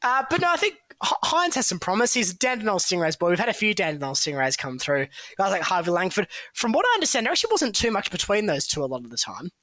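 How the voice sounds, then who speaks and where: A man's voice: high-pitched, sing-song, fast, hardly any pauses, pushed and bright, dry recording. A man talking casually on a podcast, analysing football picks with plenty of fillers and hedges. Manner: chatty, analytical, hedging with fillers. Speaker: football draft analyst, co-host.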